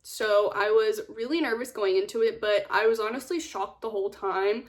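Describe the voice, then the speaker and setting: A woman's voice: mid-range voice, fairly even intonation, moderate pace. A young woman vlogger chatting casually about books she read, gushing and rambling, repeating words for emphasis. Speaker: book vlogger. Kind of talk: casual book review chat.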